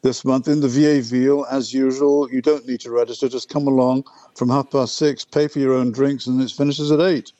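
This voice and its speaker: A man's voice: medium pitch, fairly even intonation, fairly quick, dark tone, no echo, dull audio. A man talking with a radio host, explaining an upcoming event, fluent with a few restarts. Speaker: event organiser, guest. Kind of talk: casual radio interview chat.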